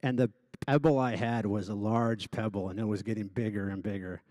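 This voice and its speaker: A man's voice: lowish voice, steady tone, a little fast, a little mellow, no echo. Man who stutters, giving a dry close speech. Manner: stutters openly, with repeated sounds and restarts. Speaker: gala honoree giving a speech. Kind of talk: personal speech to a live audience.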